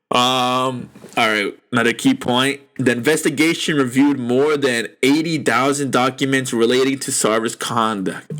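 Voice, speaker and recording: Young dude podcast host, fired up, cussing a lot, super casual. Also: male voice, medium pitch, measured pace. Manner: excitable, profane, lots of "dude" and "bro".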